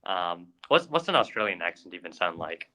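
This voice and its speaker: A man co-hosts a casual podcast and recounts a story, padding it with fillers and restarting his sentences. His voice sits fairly low, with a bright, forceful tone. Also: very animated, fairly quick, rough recording. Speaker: podcast co-host.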